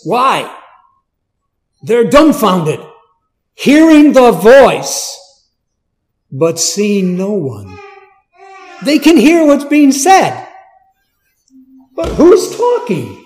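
A man's voice: sits high, sing-song, extremely slow, pauses often. A man preaching a Bible teaching in a conversational way, asking the listeners questions and stressing key words.

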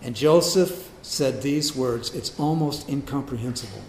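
A man's voice: mid-range voice, unhurried, a little mellow, roomy sound, slight background noise. A man preaching a sermon, reading scripture and acting out the characters with humor and drama. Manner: dramatic, acts out biblical voices with humor.

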